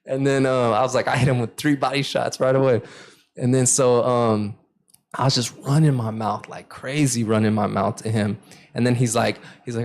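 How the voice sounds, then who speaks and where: A man's voice: medium pitch, fairly quick. Young man telling stories casually. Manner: animated, acts out quoted lines loudly. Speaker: podcast co-host. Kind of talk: casual chat, storytelling.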